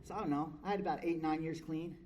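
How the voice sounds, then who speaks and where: A man's voice: on the high side, steady tone, fast talker, noisy background. Blunt, profane man telling his story. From California. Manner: blunt and profane, frank about himself. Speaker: recovery meeting speaker. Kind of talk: candid storytelling to a live audience. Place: convention meeting room.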